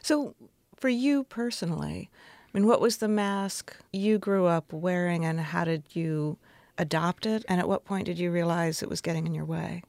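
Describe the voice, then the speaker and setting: A woman's voice: lowish voice, moderate pace, gravelly, darkish tone, dry recording. A woman interviewer asking thoughtful, probing questions.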